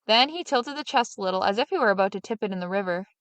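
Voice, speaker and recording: A woman's voice: medium pitch, lively intonation, fast talker, a bit bright, no echo. Woman reading a fairy tale, dry close sound. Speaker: storyteller.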